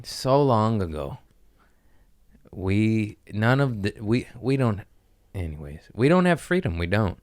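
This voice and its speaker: A man hosting a casual podcast, ranting loudly and profanely, rambling and laughing at his own jokes into a studio mic. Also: fairly low pitch, sing-song, unhurried. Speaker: podcast host.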